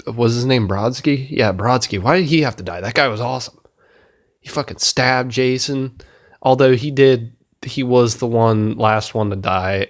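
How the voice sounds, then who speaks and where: A man giving a casual spoken movie review, rambling and swearing enthusiastically as he retells scenes. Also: fairly low pitch. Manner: rambling, profane, enthusiastic, laughs at his own retelling.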